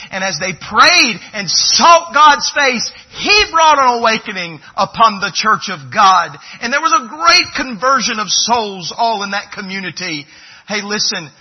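A pastor preaching a sermon in a church, swelling to loud passionate pleading and then dropping low and quiet. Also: male voice, slightly rough, muffled recording. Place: church sanctuary.

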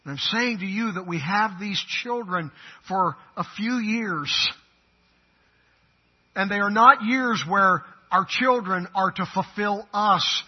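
A man preaching a sermon, moving from quiet talk to loud, slow, emphatic lines. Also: sits high, expressive, slightly rough. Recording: dull lo-fi sermon recording.

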